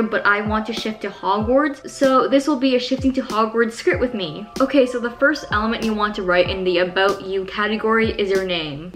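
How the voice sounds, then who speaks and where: A young Canadian woman with a Canadian accent, explaining things step by step in a friendly, casual tutorial vlog. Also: fairly high pitch. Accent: Canadian English. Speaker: vlogger.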